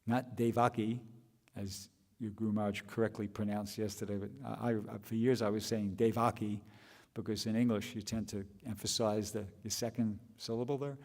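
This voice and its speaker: A man's voice: lowish voice, flat delivery, fairly quick, a little mellow, long reverb tail. A man giving a scripture class, thinking aloud with restarts and rhetorical questions.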